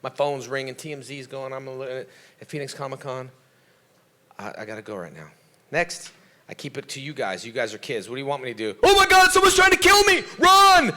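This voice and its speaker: A man with a bright, forceful voice, speaking as a guest on a convention panel. He answers fan questions like the karate teacher he is, giving motivational advice about self-belief. He switches into animated voices whenever he quotes someone. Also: medium pitch, brisk.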